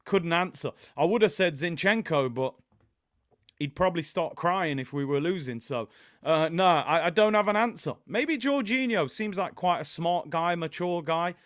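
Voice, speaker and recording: A man with a London accent hosting a casual live watch-along, chatting in an animated way and reading out viewer comments. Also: on the high side, normal speed, no echo, studio quality. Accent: London English. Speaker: host.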